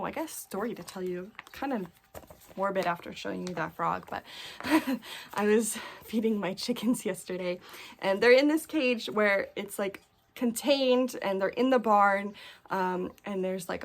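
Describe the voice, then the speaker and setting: A woman's voice: on the high side, vocal fry. A woman chatting casually in a cross-stitch vlog, gushing and full of fillers, a little out of breath. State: a bit out of breath. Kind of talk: casual chat.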